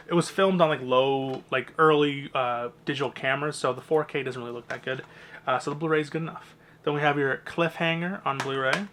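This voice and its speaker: A man's voice: medium pitch, pushed and bright, slight background noise. A young man, casually walking through his movie collection with chatty, rambling, opinionated asides.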